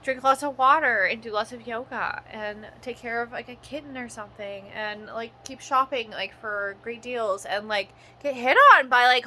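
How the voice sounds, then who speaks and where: A woman's voice: a little high, sharp tone, a little hiss or hum. A woman in her thirties from Canada, ranting in a vlog monologue, swearing often and rambling with lots of "like" fillers. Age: 30s. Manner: profane, rambling, frequent "like" fillers.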